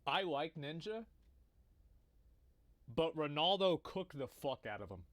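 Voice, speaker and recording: High-voiced man giving amused reaction commentary. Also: big pitch swings, measured pace, no room sound. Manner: casual, profane, amused. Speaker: streamer reacting to a clip.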